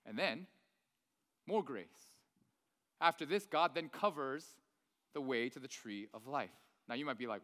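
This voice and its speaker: A male pastor, around his thirties, preaching in a lively, conversational way with many rhetorical questions. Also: medium pitch, measured pace, long pauses. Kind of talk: sermon. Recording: long reverb of a large hall.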